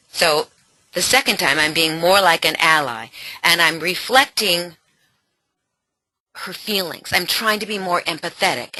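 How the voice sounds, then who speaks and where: A middle-aged woman coaches parents in a webinar, animated and encouraging. Her voice is very bright and swings widely in pitch. The recording is dry and close. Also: no room sound. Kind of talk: webinar teaching.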